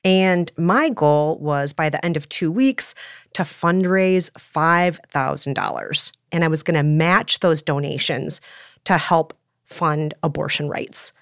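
Lowish, emotional woman co-host. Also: slow pace, clear, resonant tone, no room sound, studio quality. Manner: warm-hearted, emotional, laughs often. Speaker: podcast co-host. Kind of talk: casual chat.

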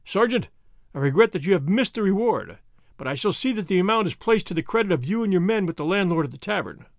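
A man's voice: high-pitched, expressive, fast, gravelly, no echo, studio quality. A man voicing a courteous, wry masked swordsman who speaks with easy gallantry. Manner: courteous, wry, languid at times.

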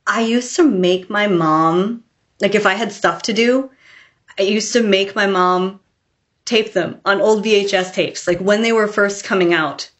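A woman author telling stories in a casual interview, chatty and animated, acting out quotes as she goes. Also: mid-range voice, unhurried. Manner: chatty, animated storytelling with laughs and acted quotes. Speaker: author, podcast guest.

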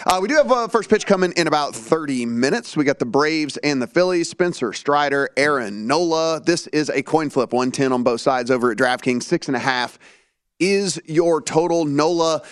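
A man's voice: fairly high pitch, lively intonation, clean tone, no echo. A man hosting a sports betting talk show, chatting casually about games and lineups. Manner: rambling, chatty, reads lineups quickly.

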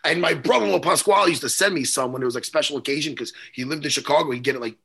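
A man's voice: on the high side, racing, creaky, bright, forceful tone, breathy edge. A middle-aged man, hosting a podcast, rambling and swearing as he tells stories. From New York. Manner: profane, rambling storyteller. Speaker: podcast host. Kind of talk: casual chat.

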